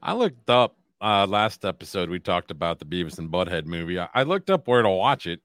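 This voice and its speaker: A man co-hosting a casual podcast, relaxed, reading out news items and telling easygoing stories. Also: sits low, fairly quick, dry recording. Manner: relaxed storyteller, reads news items aloud. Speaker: podcast co-host.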